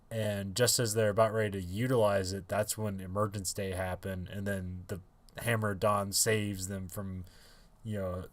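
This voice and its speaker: A man co-hosting a podcast in casual chat, rambling with many fillers and restarts and laughing often. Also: on the low side. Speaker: podcast co-host.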